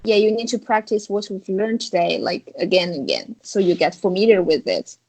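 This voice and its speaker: A woman's voice: mid-range voice, expressive, a little fast, a little mellow, low-quality recording. A woman with a Chinese accent teaching a beginner Chinese tones in an online lesson, explaining patiently step by step. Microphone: video call.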